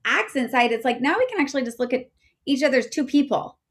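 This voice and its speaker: Speaking quickly in a high voice, a woman in her thirties shares a personal story as a podcast guest. She's chatty and full of fillers, and she gets loud when excitement takes over.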